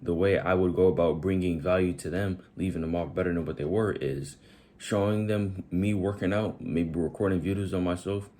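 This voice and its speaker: Man, very low voice, motivational talk, talks straight to viewers, keeps asking questions. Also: steady tone, moderate pace, mellow. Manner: preachy, addresses viewers directly with repeated questions. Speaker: motivational video host. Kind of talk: direct-to-camera motivational talk.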